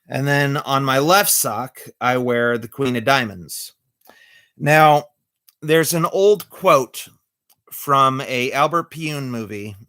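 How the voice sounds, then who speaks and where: Slow bright-voiced guy rambling through corny jokes on his vlog, lots of uhs. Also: medium pitch, no room sound, clean studio sound. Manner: rambling, halting, many fillers; corny jokey delivery. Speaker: vlogger showing magic tricks. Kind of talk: casual vlog chat.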